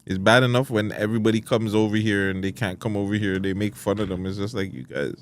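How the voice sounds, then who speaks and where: Toronto podcast dude, lowish voice, chill and sarcastic. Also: male voice, fast talker, a little hiss or hum. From Toronto, Canada. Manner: laid-back, dry sarcasm. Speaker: podcast co-host. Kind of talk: casual chat.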